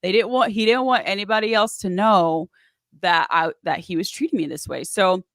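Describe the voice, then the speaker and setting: A woman with a mid-range voice speaks at normal speed in a dry, studio-quality recording. As an interview guest, she tells her story casually and animatedly, acting out the voices of other people she quotes.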